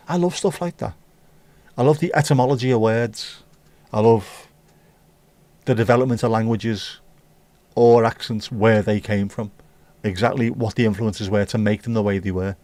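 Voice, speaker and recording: A man's voice: medium pitch, fairly even intonation, normal speed, darkish tone, no echo. A British man hosting a casual livestream, reading out viewer comments and chatting about them in an opinionated, mildly profane way. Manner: reads viewer comments aloud and riffs on them. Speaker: livestream host.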